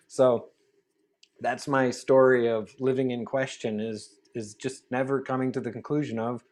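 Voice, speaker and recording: A man chats as a guest over a video call in a mid-pitched, everyday voice. He tells animated stories, acting out little bits of dialogue. He laughs easily as he goes. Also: fast talker. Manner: chatty, animated, laughs often, acts out dialogue. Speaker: guest facilitator. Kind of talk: casual storytelling interview.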